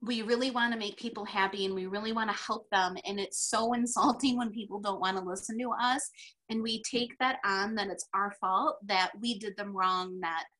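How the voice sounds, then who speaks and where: A woman speaks on a video call, teary-eyed and earnest, pleading with her listeners and filling pauses with ums. Her voice is bright and tense, pushed forward with feeling. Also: mid-range voice, steady tone. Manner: heartfelt, pleading, frequent ums. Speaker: team member presenting convention notes. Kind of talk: emotional personal sharing on a video call.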